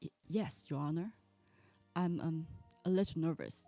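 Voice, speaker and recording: A woman's voice: low voice, unhurried, vocal fry, warm tone, faint music behind. A woman voicing a nervous young male lawyer in a game, stammering through his lines. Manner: stammering and flustered.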